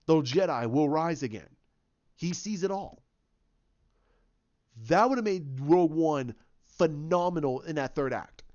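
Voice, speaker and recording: A man giving a casual spoken movie review, excited and rambling, restarting and repeating his words. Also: on the high side, unhurried, pauses often, lo-fi sound. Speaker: film reviewer.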